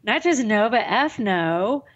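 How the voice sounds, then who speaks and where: A woman's voice: a little high, animated, slow pace, lo-fi sound. A woman co-hosting a paranormal podcast, telling a story with lots of laughter. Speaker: podcast co-host. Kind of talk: casual podcast chat, storytelling.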